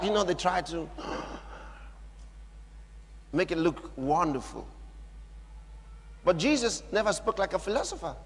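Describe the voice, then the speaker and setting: A man preaching a sermon, swinging from quiet murmurs up to shouts. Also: high-pitched, sing-song, measured pace, long pauses. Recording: long hall reverb.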